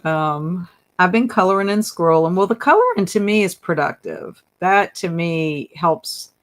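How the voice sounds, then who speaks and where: A woman's voice: fairly low pitch, big pitch swings, a little slow. A woman hosting a casual livestream, chatting and reading viewer comments aloud, laughing often. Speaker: livestream host.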